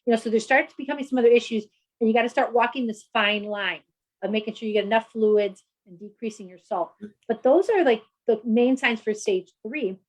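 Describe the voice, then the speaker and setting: A woman's voice: on the high side, fairly quick, rough recording. A middle-aged woman doctor explaining heart health in a chatty, conversational way, with many fillers as she talks. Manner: explanatory, chatty, frequent "you know" fillers.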